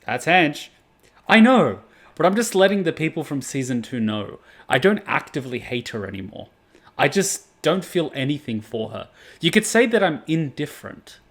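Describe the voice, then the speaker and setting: A young man hosting an anime reaction video, chatting casually with plenty of swearing and sudden loud outbursts. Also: fairly high pitch, normal speed. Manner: profane, animated, breaks into loud outbursts.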